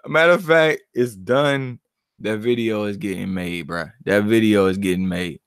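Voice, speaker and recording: A man's voice: lowish voice, moderate pace, smooth, no echo, clean studio sound. A man hosting his own channel, giving casual, profane, laughing commentary on boxing. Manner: animated, profane, laughing banter.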